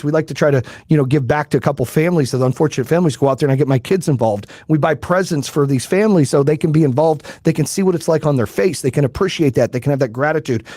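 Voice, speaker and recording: A middle-aged man talks straight at his listeners like a coach, with no polish and plenty of swearing. His voice sits slightly high, and the sound is dry and close with no room echo. He keeps throwing rhetorical questions at the audience. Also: a little mellow. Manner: blunt, profane, emphatic. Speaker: podcast host and business coach. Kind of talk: motivational live-stream talk.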